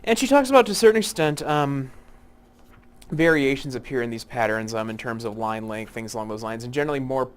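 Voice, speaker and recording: A man teaching poetic meter in an unscripted lecture, with many fillers and restarts, slowing down to spell out terms. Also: medium pitch, animated, clear, resonant tone. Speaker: literature instructor. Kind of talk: recorded lecture.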